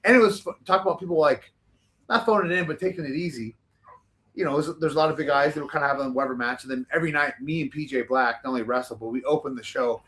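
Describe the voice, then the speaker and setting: A man's voice: fairly high pitch, fast talker, fairly bright tone. A man as a podcast guest telling a long, rambling story in casual chat, swearing freely.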